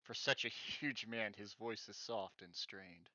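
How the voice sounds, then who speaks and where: A man's voice: lowish voice, a little slow, pushed and bright, no echo, dull audio. A male streamer reading game text aloud, breaking in with sarcastic, exasperated asides and swearing.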